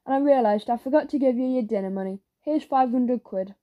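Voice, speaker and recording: A woman voicing a brash, showy rich father who shouts and boasts, in a storybook reading. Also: a little high, fairly quick, narrow, tinny audio, close to an everyday voice. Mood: boisterous.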